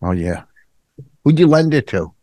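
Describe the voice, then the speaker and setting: A man's voice: mid-range voice, very animated, measured pace, mellow, no echo. An older man co-hosting a comedy podcast, joking and bragging in casual banter. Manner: boastful, joking. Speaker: podcast co-host.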